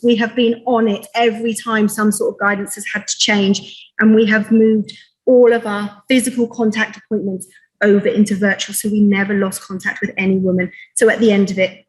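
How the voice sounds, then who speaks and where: A woman midwife, a bit out of breath, passionately coaching pelvic floor exercises in a gym. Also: medium pitch. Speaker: midwife leading an exercise demo. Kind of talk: energetic exercise instruction talk. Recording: echoey room, far from mic.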